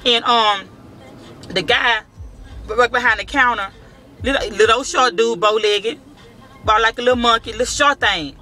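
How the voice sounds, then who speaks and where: A man's voice: extremely high pitch, normal speed, long pauses. A man telling a story to the camera in casual, profane speech, acting out the dialogue. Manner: profane, animated, acts out dialogue. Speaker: vlogger.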